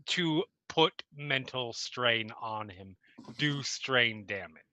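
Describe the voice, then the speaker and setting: A man's voice: medium pitch, lively intonation, takes it slowly, sharp tone. A man playing a tabletop game, explaining his rolls and actions in a casual way. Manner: menacing in character, then casual about rules. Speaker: player.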